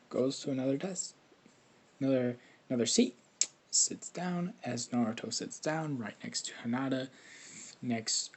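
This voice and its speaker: A man's voice: medium pitch, darkish tone. Man rambling through an improvised fan story. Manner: rambling, many fillers and restarts.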